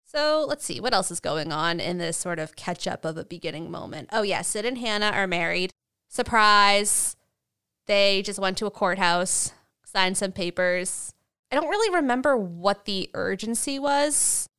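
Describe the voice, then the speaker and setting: A woman's voice: medium pitch, animated, normal speed, pushed and bright, clear, resonant tone. A woman co-hosting a podcast, chatting casually through a TV episode recap, laughing often and acting out characters' lines. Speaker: podcast co-host.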